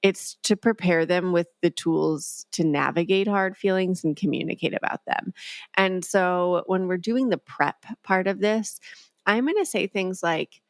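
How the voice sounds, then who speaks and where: A woman guest and emotional development expert, speaking in a calm, measured way on a podcast interview, with a gentle tone when she quotes herself talking to a child. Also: on the low side, no room sound, studio quality.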